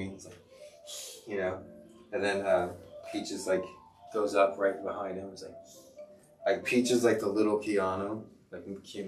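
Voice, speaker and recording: A middle-aged man, a teacher hosting a casual livestream, rambling with many fillers and restarts. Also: low-pitched. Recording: echoey room, far from mic, music behind.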